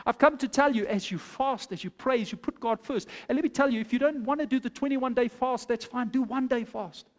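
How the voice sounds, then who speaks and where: A man's voice: very high voice, fairly quick, hardly any pauses, in a large hall. A man, a pastor preaching a sermon, telling the story and exhorting his congregation.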